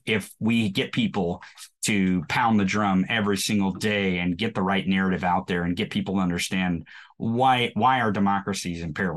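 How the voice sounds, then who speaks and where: A man's voice: fairly low pitch, a bit bright. A man from Missouri with a rural Missouri accent, a podcast host guesting on an interview show, talking in a folksy, self-mocking way and often restarting his sentences. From Missouri, USA. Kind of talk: casual interview chat.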